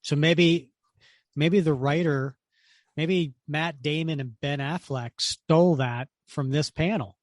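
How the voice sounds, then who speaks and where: A man co-hosting a podcast in casual chat, animated and argumentative, laughing often. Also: on the high side, slow pace, no room sound, clean studio sound. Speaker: podcast co-host.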